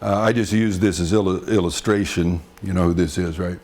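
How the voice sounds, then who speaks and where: A man's voice: low voice, steady tone, a little fast, darkish tone, a little hiss or hum. Chatty man telling folk jokes. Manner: chatty, with frequent fillers and asides to the audience. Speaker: storyteller. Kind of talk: live folk-tale storytelling.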